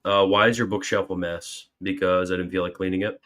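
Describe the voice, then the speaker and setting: In a laid-back livestream Q&A, the host reads super chat questions out, reacts with comic mock alarm, and follows with a genuine explanation. He speaks briskly in a low-pitched, level, slightly bright voice.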